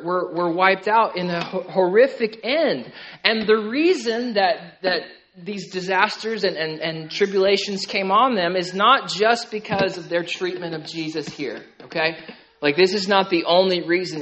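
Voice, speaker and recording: A man's voice: a little high, a bit bright, rough recording. A man preaching a sermon in a conversational way, often checking in with the listeners by asking "okay?" and "right?". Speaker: pastor.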